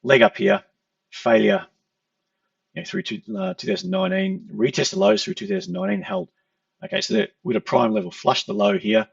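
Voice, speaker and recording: Very animated and fairly quick, this trading educator explains his charts in a chatty lesson, leaning on "okay" to check in. His voice sits high and is creaky. The sound is echo-free but dull, lo-fi, and captured from a distance.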